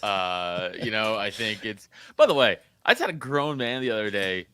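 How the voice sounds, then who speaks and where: A man's voice: fairly low pitch, animated, normal speed, sharp tone, clear, resonant tone, no room sound. A man, a comedian guest, in casual podcast banter, crude and rambling, laughing often and restarting his sentences.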